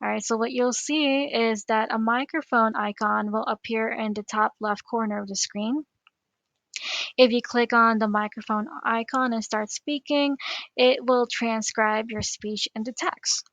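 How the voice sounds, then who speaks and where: A woman coach giving a friendly step-by-step software tutorial for teachers, recorded on a close microphone. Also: a little high, steady tone, unhurried, dry recording. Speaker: educational coach.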